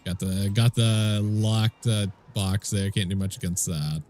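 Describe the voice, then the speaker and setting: A man's voice: on the low side, steady tone, measured pace, darkish tone, a little hiss or hum. A man with a stuffy nose, casually commentating his game stream and chatting with viewers in a laid-back, swearing way.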